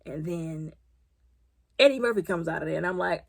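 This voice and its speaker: A woman giving a casual, comedic movie review. She retells the plot in an animated, colloquial way and repeats words as she restarts. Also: on the low side, moderate pace, vocal fry.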